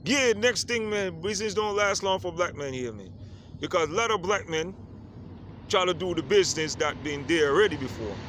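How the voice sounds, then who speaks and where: There's faint street noise as a man from a Caribbean island vlogs outdoors, addressing the camera at an ordinary pace. He has a high, fairly bright voice and repeatedly asks "you understand?" throughout his casual talk.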